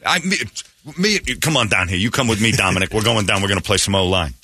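A man hosts a morning radio show in loud, jokey banter, often slipping into mock tough-guy voices. His pitch swings widely and his tone is bright and forward. The studio sound is dry and close. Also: animated, fast talker, breathy edge, no echo.

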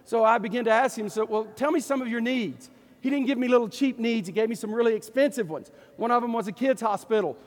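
High-voiced East Texas pastor telling stories. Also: male voice, quick pace, in a large hall. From East Texas, USA. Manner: folksy, animated storyteller. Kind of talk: storytelling sermon.

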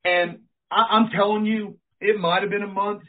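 A man's voice: high voice, moderate pace. A man telling wrestling stories in a casual interview, acting out the voices of the people he quotes and swearing casually. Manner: animated storyteller, acts out quoted dialogue, swears casually. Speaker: interview guest, former pro wrestler. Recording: tinny phone-like line.

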